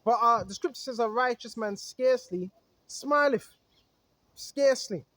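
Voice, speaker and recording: High-voiced man preaching outdoors. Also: a little slow, fairly bright tone, no echo. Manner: exhorting, reads scripture aloud then riffs on it; calls out to listeners, chuckles often. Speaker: street preacher.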